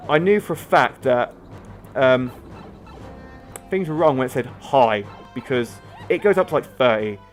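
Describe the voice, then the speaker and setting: A man's voice: mid-range voice, animated, unhurried, long pauses, faint music behind. A young man, chatting in rambling casual let's-play commentary while he plays. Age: young adult. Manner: rambling chatty storytelling, many fillers. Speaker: gaming video host.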